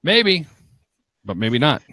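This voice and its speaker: A man's voice: a little high, very animated, takes it slowly, bright, forceful tone, no room sound. Rambling middle-aged male talk host. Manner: rambling, joking, talks over others. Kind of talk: casual live talk show chat. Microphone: video call.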